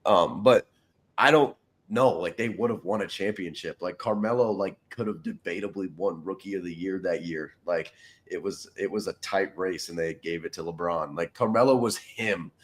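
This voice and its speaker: A man's voice: low-pitched, normal speed. A young man co-hosting a casual sports podcast, rambling with lots of "like" and false starts. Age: young adult. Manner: rambling, full of "like" and restarts. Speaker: podcast co-host.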